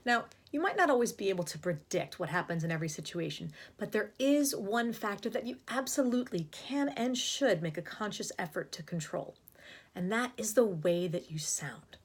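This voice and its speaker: A woman's voice: mid-range voice, expressive, moderate pace, breathy edge. A woman voice and leadership coach giving direct-to-camera advice in an upbeat, emphatic way. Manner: demonstrates vocal habits by mimicking them.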